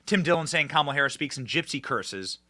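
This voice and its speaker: A man hosting a political commentary show, talking emphatically and swinging between loud outbursts and hushed asides. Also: fairly high pitch, lively intonation, quick pace.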